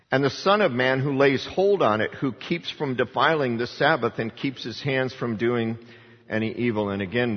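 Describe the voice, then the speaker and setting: Older male pastor, husky voice, lively preaching, echoing hall, muffled low-fi sound. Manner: animated preaching, rises in pitch for emphasis. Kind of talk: sermon. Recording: dull, reverberant hall sound.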